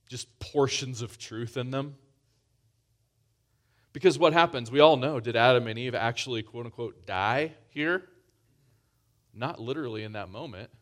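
A man preaches a sermon in a conversational manner, frequently restarting phrases and pushing his voice up for emphasis. His voice sits in the mid-range with a fairly bright tone.

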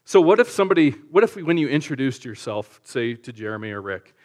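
A male pastor preaching in a relaxed, conversational way, using slang and asking the audience rhetorical questions. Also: medium pitch, brisk. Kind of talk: conversational sermon.

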